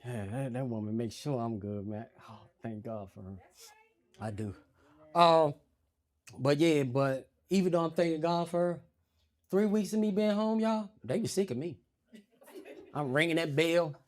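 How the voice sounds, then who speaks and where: A man's voice: a little high, normal speed, long pauses. A man doing stand-up storytelling on a comedy stage, acting out quotes in a raised voice. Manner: animated, acts out quotes in raised voice.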